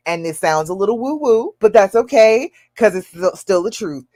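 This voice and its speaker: A woman's voice: animated, normal speed, warm tone, no room sound. A woman hosting a live stream as a love coach, chatting casually, reading viewers' comments and laughing often. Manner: chatty, laughs often, swings pitch up when quoting viewers.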